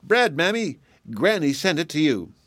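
A man's voice: on the high side, sing-song, normal speed, a bit bright, no room sound, clean studio sound, voice pushed up. A man voicing a simple-minded, eager young boy who speaks earnestly in a storybook reading. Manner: earnest, naive.

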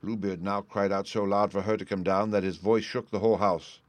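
A man with a fairly low voice reads a fairy tale aloud in a measured, steady storybook manner. The sound is dry and close, with no room around it. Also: dry recording. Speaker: audiobook reader. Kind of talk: storybook narration.

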